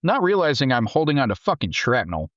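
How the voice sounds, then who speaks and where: A man's voice: brisk, dry recording, lo-fi sound. A man telling war stories in casual conversation, swearing freely and acting out quotes in a raised voice. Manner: profane, animated, acts out quotes in a shouted high voice. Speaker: podcast guest, Marine veteran. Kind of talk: casual storytelling.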